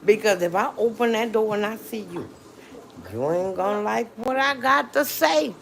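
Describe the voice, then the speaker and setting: Drawling in her New Orleans accent, a livestream host from New Orleans, Louisiana, chats casually with viewers and scatters frequent mm-hmms. Her voice is fairly high and gravelly at a moderate pace, with a little hiss or hum in the audio.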